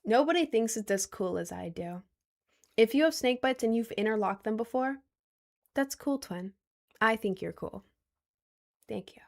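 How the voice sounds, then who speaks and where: Young woman, twenty, streamer, casual chat, rambling and giggly, gravelly fry in her voice. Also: a little high, lively intonation, normal speed. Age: 20s. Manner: rambling, giggly, lots of "like" and restarts. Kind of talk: casual stream chat, reading viewer questions.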